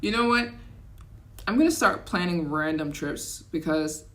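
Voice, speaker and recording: A woman's voice: lowish voice, animated, measured pace. A woman chatting casually on a livestream as a travel creator, thanking donors and answering questions with rambling asides. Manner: chatty, reads donations aloud, rambling asides; slips into a put-on accent at times.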